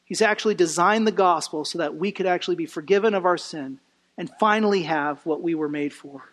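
A man with a high voice preaches a sermon, earnest and pressing his points with rhetorical questions. His words ring out with the long reverb of a church sanctuary. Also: brisk, a bit bright.

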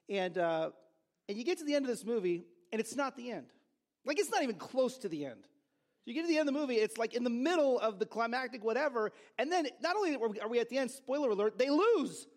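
A man preaching a sermon as pastor, with conversational storytelling and joking asides. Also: high voice. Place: church service.

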